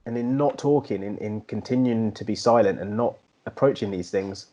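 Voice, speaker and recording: The recording is lo-fi, and the British co-host's voice is fairly low and warm at a normal speed. He chats casually on the podcast in an earnest, reflective way, full of fillers.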